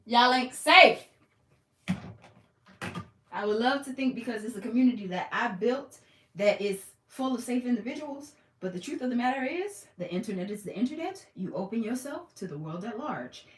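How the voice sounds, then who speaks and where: A woman vlogging casually from her bed, chatty and expressive, moving between loud projected talk and a soft, calm low voice. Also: normal speed, reverberant, recorded from a distance, rough recording. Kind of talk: casual chat to followers.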